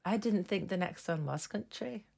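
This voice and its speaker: A woman's voice: on the low side, normal speed, creaky, a crowd in the background. A woman co-hosting a casual podcast, dropping short dry quips and giggling. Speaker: podcast co-host.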